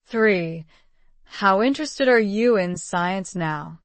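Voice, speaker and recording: A woman reading out model exam answers in an even, polished, measured way. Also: mid-range voice, dry recording. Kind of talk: scripted reading of sample answers.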